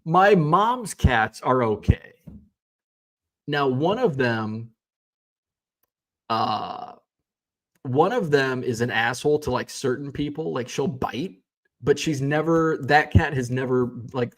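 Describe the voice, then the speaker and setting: A man in his thirties with an everyday mid-pitched voice talks loosely to his livestream audience, full of ums and restarts. He sounds a little tired and drifts from thought to thought. His delivery is casual and unscripted. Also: a little slow. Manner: relaxed, rambling, many fillers and restarts. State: yawning, tired. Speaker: card-collecting livestream host. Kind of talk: casual chat reading viewer comments.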